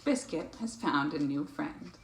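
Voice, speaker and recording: A woman reading picture books aloud to a child, playful and animated, breaking into animal sounds. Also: deep voice, measured pace. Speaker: storytime reader. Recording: echoey room, faint noise.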